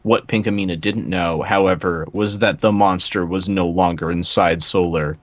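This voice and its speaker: A man's voice: low-pitched, steady tone, moderate pace, no echo. A man hosting a comedic read-through of a fan fiction, reading aloud in a casual, sardonic way and swearing freely.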